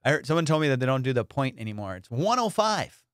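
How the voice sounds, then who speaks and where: A man's voice: medium pitch, sing-song, fast talker, fairly bright tone, no echo, clean studio sound. A man hosting a comedy podcast in crude, slangy casual chat, often slipping into put-on voices. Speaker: podcast host.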